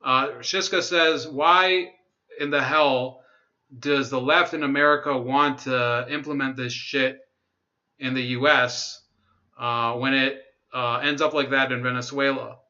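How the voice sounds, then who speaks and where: A man's voice: mid-range voice, steady tone, a little slow, pushed and bright, dull audio. Sarcastic man reading news on a livestream. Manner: sarcastic, laughs at own jokes, reads chat comments. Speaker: livestream host.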